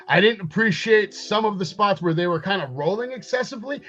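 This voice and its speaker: A man's voice: sits high, expressive, a little fast, fairly bright tone, lo-fi sound. Rambling male wrestling podcast host. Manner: rambling, recaps events, paraphrases promos. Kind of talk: casual commentary over clips.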